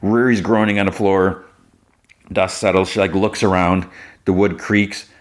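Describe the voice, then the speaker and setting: A man recapping a TV episode in a loose, rambling way. His voice sits on the low side, and he trips over restarts as he goes. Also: flat delivery, unhurried. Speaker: podcast host.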